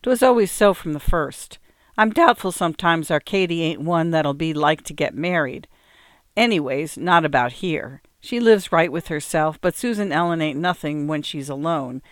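A woman reading aloud and voicing a careworn farm wife who speaks old rural dialect in a quick, fretful way. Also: sits low, animated, dry recording, clean studio sound.

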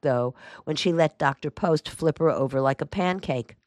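A woman reading a first-person memoir aloud as a narrator, in a dry, even storytelling manner. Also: low-pitched, moderate pace, few pauses, dry recording. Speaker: audiobook narrator.

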